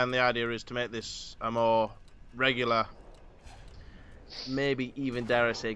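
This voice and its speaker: A man's voice: medium pitch, pushed and bright, a little hiss or hum. A man hosting a casual podcast, rambling with many fillers. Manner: rambling, filler-heavy planning talk. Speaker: podcast host.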